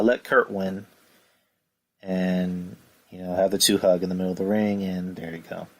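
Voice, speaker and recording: A man's voice: low voice, pushed and bright. A man hosting a casual podcast, rambling and filling his talk with "you know" and sighs. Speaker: podcast host. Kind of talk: casual chat.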